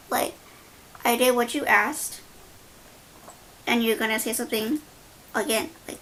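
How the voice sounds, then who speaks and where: A young woman beauty vlogger telling an animated, slangy story while doing her makeup. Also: a little high. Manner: animated, slangy, dramatic retelling.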